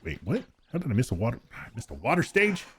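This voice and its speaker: A man's voice: mid-range voice, wildly swooping pitch, fast, breathy edge. A man streaming a farming game, chatting casually with viewers, rambling, laughing often and restarting his sentences. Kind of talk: casual live-stream chat while gaming.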